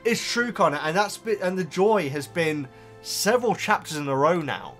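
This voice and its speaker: A man's voice: sits high, lively intonation, normal speed, fairly bright tone, faint music behind. A man hosting his own video, reading out viewer comments in casual chat and often stumbling over his words and restarting.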